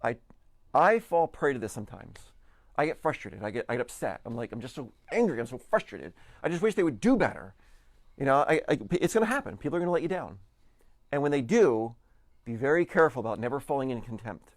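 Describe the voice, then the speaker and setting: Male motivational speaker, mid-pitched, earnest and a little halting, dry close sound. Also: dry recording. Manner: earnest, repeats words when excited. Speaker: speaker giving a motivational talk. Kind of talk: motivational talk.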